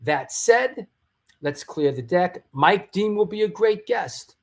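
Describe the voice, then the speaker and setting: Rambling New host, swearing freely. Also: male voice, high-pitched, expressive, slow pace. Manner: rambling, swearing, restarts and storytelling asides. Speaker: host of a live hardcore music show. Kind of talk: casual live-stream chat.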